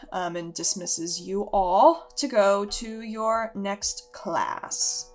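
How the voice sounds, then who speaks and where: A woman's voice: medium pitch, slow, hardly any pauses. A woman narrating a tabletop role-playing game as game master, chatty and casual, with many fillers.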